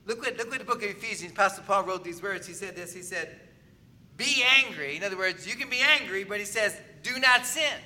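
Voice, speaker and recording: A man with a very bright, high voice preaches a sermon, talking to his congregation in a relaxed, conversational way. He keeps checking in with the listeners to see whether they follow him. A faint hiss of noise sits under the recording. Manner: conversational, asks the congregation for agreement. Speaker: pastor.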